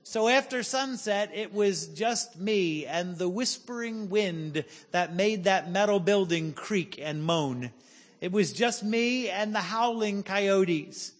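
A man in his forties, a pastor preaching a sermon, telling a personal story with humor and slowing down for emphasis. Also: high-pitched, big-room sound. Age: 40s.

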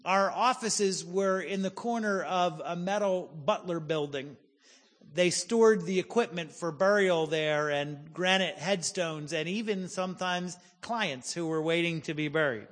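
A man in his forties, a pastor preaching a sermon, telling a personal story with humor and slowing down for emphasis. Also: high voice, a bit bright, in a large hall. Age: 40s.

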